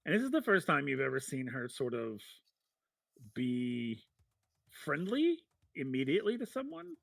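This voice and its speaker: A man's voice: medium pitch, huge pitch swings, unhurried, creaky, a bit bright, no room sound. A man narrating a tabletop game as game master, chatty, laughing often and full of fillers.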